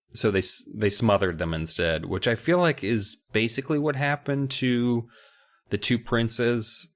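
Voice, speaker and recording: A man co-hosting a comedy podcast, chatting casually and joking, sometimes stammering as he starts. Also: fairly low pitch. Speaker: podcast co-host.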